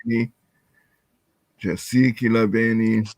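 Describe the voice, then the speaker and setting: A man who is a student in a language class, asking thoughtful questions with hesitant pauses. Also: lowish voice, fairly even intonation, dry recording. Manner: hesitant, thoughtful, many fillers.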